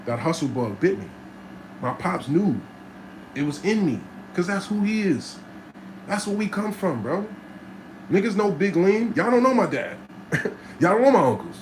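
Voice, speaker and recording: Brief: streetwise male storyteller, casual cussing monologue, acts out voices, slightly high voice, faint noise behind. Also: normal speed, long pauses, poor audio. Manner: streetwise, animated storyteller who acts out voices and cusses freely. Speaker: host telling his life story.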